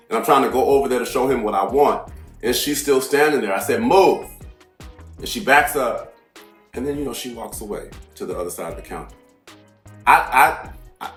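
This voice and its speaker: A man hosting an astrology channel, telling a story in a brash, profane, animated way that swings into loud outbursts. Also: medium pitch. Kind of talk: casual storytelling monologue. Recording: echoey room with faint music behind.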